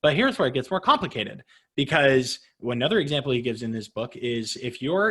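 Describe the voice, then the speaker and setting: A man's voice: mid-range voice, lively intonation, a little fast, a bit bright, slightly rough. A young man co-hosting a political podcast, talking casually with easy laughs and frequent restarts. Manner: conversational, laughs easily, frequent restarts and fillers. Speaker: podcast co-host.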